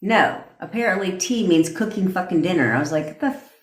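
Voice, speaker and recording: A woman's voice: lowish voice, lively intonation, brisk, roomy sound. A woman who coaches manifestation, chatting loosely on a livestream, swearing and laughing often between rambling points. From North America. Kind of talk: casual livestream chat.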